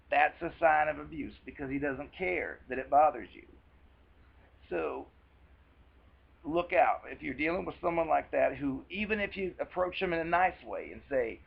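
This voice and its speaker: Man, country twang, fairly high pitch, dull lo-fi sound, rambling, earnest. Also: normal speed, gravelly. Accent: American country twang. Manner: rambling, earnest, with many restarts. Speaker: vlogger. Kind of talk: casual advice monologue.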